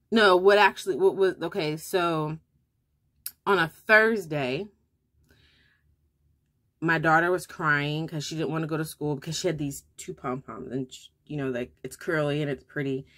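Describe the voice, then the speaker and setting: A young mother speaks to her viewers in a relaxed get-ready-with-me vlog, her voice sitting a little on the low side. She tells a personal story in a loose, conversational way, with fillers and restarts along the way. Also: unhurried, long pauses. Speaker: homeschooling mother and vlogger.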